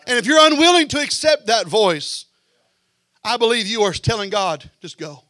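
A man preaching a fervent sermon as pastor, building to shouts and then dropping low. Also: animated, normal speed, dry recording, clean studio sound.

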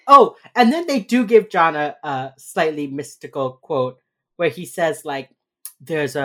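A man's voice: medium pitch, sharp tone. A man co-hosting a podcast, rambling through a casual recap of a TV episode with many fillers. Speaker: podcast co-host.

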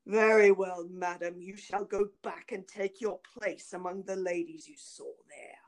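A woman's voice: medium pitch, steady tone, unhurried, close to an everyday voice. A woman reading the lines of a cruel, cold nobleman husband in a stern, threatening voice. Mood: menacing.

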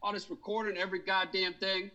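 Bright, ranting man on a podcast. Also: high voice, level tone, quick pace, lo-fi sound. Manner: heated, ranting, profane. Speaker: podcast host. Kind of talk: casual profane chat.

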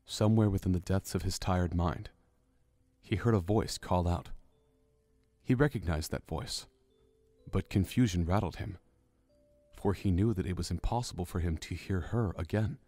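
Deep, mellow male audiobook narrator. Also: dry recording. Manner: measured, descriptive storytelling. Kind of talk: scripted narration. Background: faint music.

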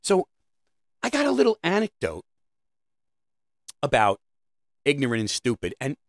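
A man's voice: medium pitch, huge pitch swings, a little slow, dry recording. Rambling, sarcastic middle-aged man. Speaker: comedic host. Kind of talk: comedic monologue.

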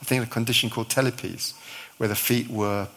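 A man's voice: medium pitch, fairly even intonation, fairly quick, fairly bright tone. A middle-aged male visiting preacher giving a sermon, telling a story with acted-out dialogue and touches of humour.

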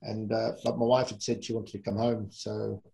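Middle aged english guy, mellow low-key voice, rambling through old stories, lots of ums. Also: moderate pace, vocal fry, rough recording. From England. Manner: relaxed, rambling, with fillers and self-corrections. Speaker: guest, former rugby player. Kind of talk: casual anecdotal storytelling.

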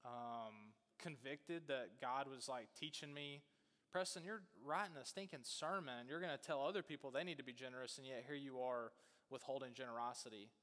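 A man preaching, telling a story in a casual, animated way with many fillers. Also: mid-range voice, moderate pace, long reverb tail. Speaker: pastor.

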